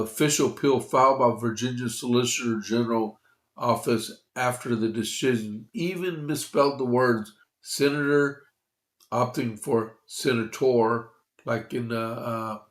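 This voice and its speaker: A man hosting a conservative news podcast, talking slowly with many fillers and restarts while congested, reading from opinion pieces. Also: medium pitch, roomy sound. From Texas. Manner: slow, halting, with frequent fillers and restarts. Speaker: podcast host.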